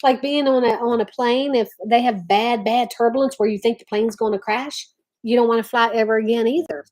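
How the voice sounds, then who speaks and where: A woman's voice: a little high, fairly even intonation, fairly quick. Chatty woman hosting a livestream. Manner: chatty, warm greetings to viewers, restarts often. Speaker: livestream host. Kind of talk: casual live-stream chat.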